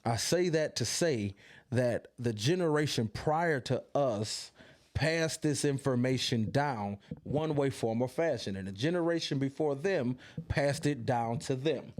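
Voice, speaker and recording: Podcast guy thinking out loud, lots of restarts, mid pitch. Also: lively intonation, a little slow. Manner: thoughtful, searching for words with restarts. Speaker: podcast co-host. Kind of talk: casual chat.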